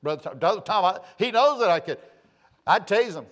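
A man preaching a sermon, shifting between loud, emphatic passages and quiet, low asides, with a folksy storytelling manner. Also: animated, a little fast. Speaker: pastor.

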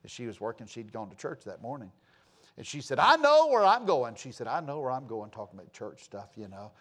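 A middle-aged man preaching a sermon, telling stories and swinging from loud to hushed. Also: on the low side, fairly quick, husky. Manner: folksy, animated storytelling with sudden loud and soft swings. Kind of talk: sermon with storytelling.

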